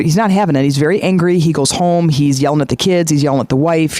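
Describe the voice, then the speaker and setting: A man hosting a podcast, retelling a story in a lively, chatty way with frequent fillers. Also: a little high, no echo. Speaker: podcast host. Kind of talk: casual storytelling monologue.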